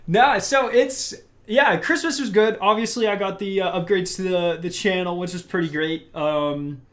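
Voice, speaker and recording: A man's voice: sits high, normal speed, a bit bright. A young man hosting a casual gaming podcast from home, rambling upbeat with many restarts. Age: young adult. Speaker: podcast host.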